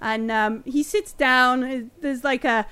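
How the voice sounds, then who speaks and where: A woman's voice: sits high, steady tone, a little slow, pushed and bright, clean tone. A woman narrating a tabletop game as game master, hesitant with many fillers.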